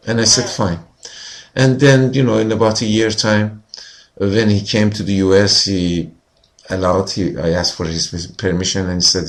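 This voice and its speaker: A man with a fairly low voice tells his own story as an interview guest. He speaks earnestly, leans often on "you know", and grows animated when he talks about feelings. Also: a little slow. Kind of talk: personal storytelling in conversation.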